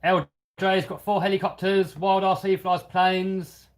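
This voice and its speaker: Man, light London-area accent, slightly higher voice, casual live-stream chatter, self-deprecating, lots of fillers. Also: level tone, unhurried. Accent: London-area English, lightly Cockney. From England. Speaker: host of a hobby channel live stream. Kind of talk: casual live-stream chat reading out viewer comments.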